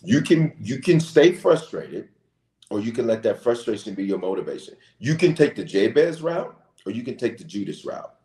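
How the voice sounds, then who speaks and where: A bishop preaching with impassioned, rising emphasis in a casual church talk. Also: male voice, lowish voice, sing-song, moderate pace, dark tone, echoey room.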